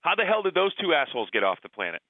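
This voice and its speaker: A man co-hosting a film podcast, talking fast in a rambling, opinionated way. His voice comes through thin and narrow, like a phone line. It sounds dry, without room echo. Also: a little high, very animated. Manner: rambling, opinionated, full of fillers. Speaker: podcast co-host. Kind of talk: casual movie discussion.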